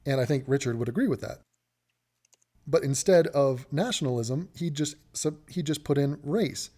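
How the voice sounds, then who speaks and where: A man giving reaction commentary, thinking out loud and acting out mock quotes. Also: mid-range voice, normal speed. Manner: reasoning aloud, restarts, mock quotes.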